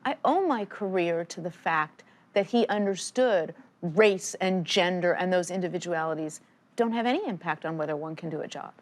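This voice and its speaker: In conversation with an interviewer in the studio, this sixty-something woman, a football analyst, recounts stories with emphatic force. She speaks at a moderate pace in a low-leaning voice that is strong, not dainty.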